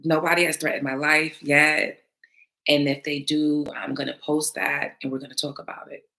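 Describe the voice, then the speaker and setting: A woman's voice: sits low, little pitch movement, moderate pace, pushed and bright. A woman battle rap panelist answering viewer comments in candid, casual talk, blunt and emphatic, swearing freely.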